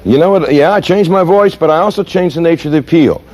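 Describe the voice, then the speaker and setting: A man's voice: a little high, quick pace. A middle-aged man giving a seminar lecture, telling stories and acting out voices and sounds to make his points. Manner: animated, dramatic storyteller, mimics voices and sounds. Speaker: seminar speaker. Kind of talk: lecture with acted examples.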